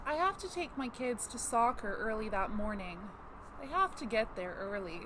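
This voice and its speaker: A meek, passive man, played by a woman in a teaching skit. He hesitates and rambles on with excuses, in a fairly high voice. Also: expressive, normal speed, background noise, lightly acted. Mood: hesitant.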